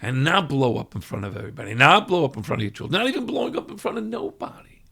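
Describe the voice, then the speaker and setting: A man from Brooklyn, a rabbi giving an expressive Torah lesson that breaks into loud mock shouting. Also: on the high side, fast talker, creaky, slightly rough. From Brooklyn, New York. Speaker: rabbi teaching a weekly class.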